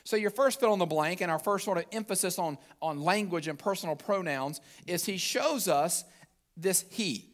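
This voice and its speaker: A man's voice: high voice, moderate pace, few pauses. A male pastor preaching a sermon in a church, talking casually to the congregation and often restarting his phrases. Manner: conversational preaching with repeated restarts. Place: church sanctuary.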